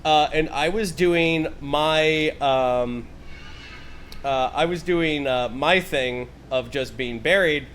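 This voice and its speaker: High bright-voiced guy rambling thru a story on stream, lots of um and swearing, faint noise behind. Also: takes it slowly. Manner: swears freely, rambling with many fillers, grows loud and animated. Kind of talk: casual storytelling on a live stream.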